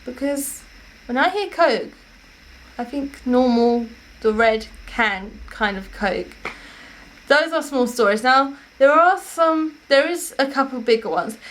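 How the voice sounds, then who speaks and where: A woman's voice: high voice, measured pace, fairly bright tone, a little hiss or hum. Chatty young woman telling stories. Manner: chatty, rambling, with frequent self-corrections. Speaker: vlogger. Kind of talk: casual storytelling to camera.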